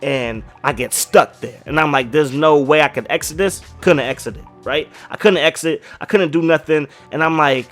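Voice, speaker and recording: A man's voice: a little high, normal speed, hardly any pauses, a bit bright, faint music behind. A man chatting casually while he plays a video game, rambling and slangy, often asking "you know what I mean". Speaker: gaming YouTuber.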